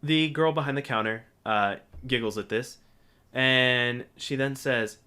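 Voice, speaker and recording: A man narrating a tabletop role-playing game as game master, relaxed and full of pauses. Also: mid-range voice, clean tone. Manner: relaxed, with frequent filler pauses.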